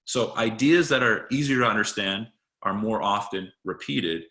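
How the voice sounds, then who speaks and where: A man's voice: lowish voice, normal speed, pushed and bright. A man coaching presentation skills in a casual, conversational talk, often restarting his sentences. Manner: conversational, with frequent restarts and fillers.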